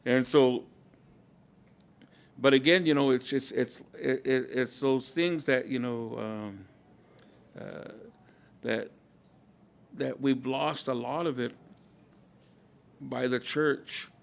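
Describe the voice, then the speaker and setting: A man speaking at a conference in a reflective, halting way, often repeating words and using many fillers. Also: mid-range voice, steady tone, creaky. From Kumeyaay community, Southern California. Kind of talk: casual, reflective talk.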